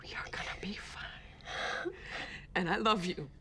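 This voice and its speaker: An actress playing a young mother dying in childbirth, tearful and breathy, often sinking to a whisper. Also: medium pitch, slow pace. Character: dying young mother in labour, tender, resolved. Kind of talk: TV drama acting.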